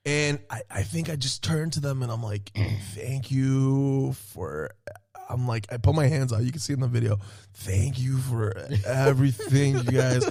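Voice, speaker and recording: Excitable swearing man telling a story. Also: mid-range voice, no room sound, studio quality. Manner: excitable, swears a lot, laughs through his story. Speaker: podcast co-host. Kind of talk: casual storytelling chat.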